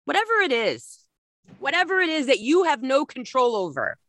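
A woman's voice: high-pitched, sing-song, moderate pace, fairly bright tone, no room sound. A middle-aged woman giving a blunt, emphatic spiritual talk, swearing freely as she advises people.

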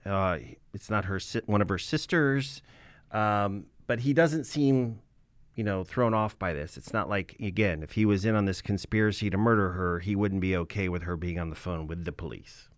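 A man's voice: fairly low pitch, normal speed, dry recording, studio quality. A man co-hosting a podcast, casually walking through a recorded call step by step. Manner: analytical, explains the call step by step. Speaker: podcast co-host. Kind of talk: casual true crime discussion.

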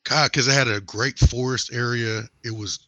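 A man's voice: mid-range voice, steady tone, moderate pace, a bit bright, dry recording. A man on a podcast, chatting casually and enthusiastically.

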